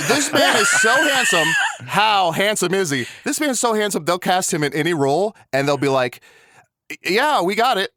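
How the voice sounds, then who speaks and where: A man's voice: sits high, sing-song, moderate pace, bright, forceful tone. A man hosting a comedy podcast, riffing and joking and laughing often. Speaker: podcast host.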